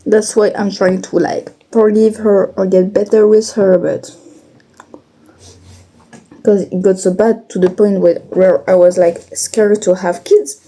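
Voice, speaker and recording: Brief: young woman, slow halting confessional talk, mellow tone, a touch high, blunt with occasional swearing. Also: flat delivery. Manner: halting, frequent restarts and fillers. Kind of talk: casual confessional vlog.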